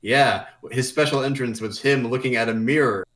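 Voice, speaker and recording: A man co-hosting a podcast in casual chat, hesitant and halting as he corrects details. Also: medium pitch, a bit bright. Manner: hesitant, many fillers and restarts. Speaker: podcast co-host.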